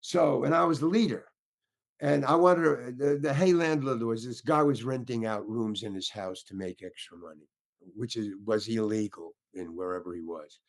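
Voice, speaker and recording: Gravelly older man telling stories. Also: mid-range voice, normal speed. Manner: animated, acts out other people's lines; rambling, many restarts. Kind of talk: casual storytelling.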